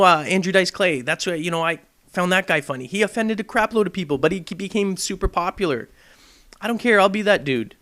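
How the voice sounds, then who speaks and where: A man's voice: sits high, fairly bright tone. A young man hosting a gaming vlog, ranting to camera in a brash, provocative, jokey way. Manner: brash, provocative and jokey, mocking voices in quotes.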